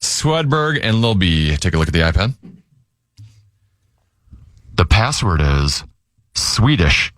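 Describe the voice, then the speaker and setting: A man's voice: deep voice, big pitch swings, a bit bright, no echo, studio quality. Man announcing a radio word game. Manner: brisk, announcing scores and turns.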